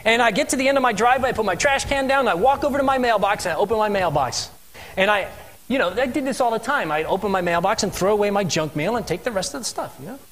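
A man telling his missionary story as a sermon testimony in a church, animated and asking the congregation questions. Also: sits high, quick pace. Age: adult with three children. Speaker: missionary speaker.

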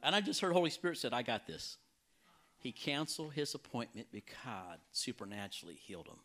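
A man, a healing evangelist, telling a testimony to a church, animated and jumping into a high voice for his own quoted reactions. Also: fast.

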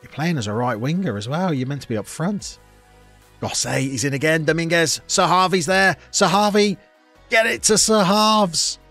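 A man live-streaming a football management game, chatting to viewers and reacting loudly to the play. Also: a little high, moderate pace, faint music behind.

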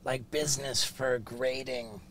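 A man's voice: mid-range voice, fairly even intonation, unhurried, a bit bright, a little hiss or hum. A man chiming in on a casual podcast chat with eager, enthusiastic remarks. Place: inside a van.

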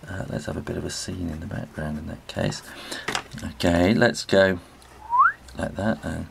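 A low-voiced British man with a gravelly edge talks through a drawing lesson in a loose, chatty way, trailing off mid-phrase as he works. He sounds middle-aged, and a faint hiss sits under the recording. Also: fairly even intonation, moderate pace. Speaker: illustrator teaching drawing. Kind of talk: relaxed spoken drawing tutorial.

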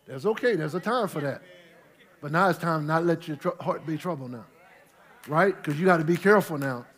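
A middle-aged male pastor preaching, swinging from quiet storytelling to loud, shouted praise. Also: on the high side. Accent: St. Louis Black American Southern-tinged. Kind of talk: preaching a Bible study sermon. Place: church sanctuary with congregation.

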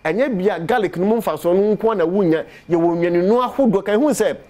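Ghanaian man, fairly high voice, persuasive TV product pitch, repeats key phrases. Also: fairly quick, warm tone. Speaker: herbal medicine presenter. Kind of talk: promotional talk on TV show.

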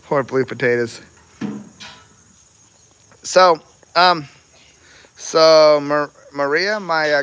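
Man, bright tone, loose folksy livestream chatter. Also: on the high side, a little hiss or hum. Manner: folksy, rambling, many ums and restarts. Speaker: horse rescue livestreamer. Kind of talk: casual rambling live chat.

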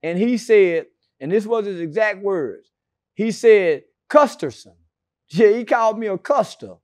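A man's voice: high-pitched, lively intonation, measured pace, a little mellow, no echo, clean studio sound. A man being interviewed, telling stories in a brash, profane and mocking way with sarcastic asides. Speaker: interview guest. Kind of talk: casual interview storytelling.

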